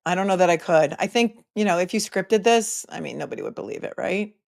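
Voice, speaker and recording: This middle-aged woman speaks at a fairly low pitch with lively intonation, a brisk pace, vocal fry, and a slightly mellow tone, in clean studio sound with no room echo. Hosting a casual live stream, she reads viewer comments with snarky asides, chatty and often hesitating.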